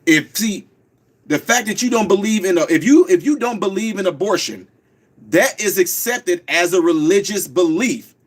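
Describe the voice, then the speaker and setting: A high-pitched man hosts a live radio talk show. He speaks quickly and insistently, often repeating words slowly for emphasis. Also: lively intonation. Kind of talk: fast call-in radio talk, streamed live.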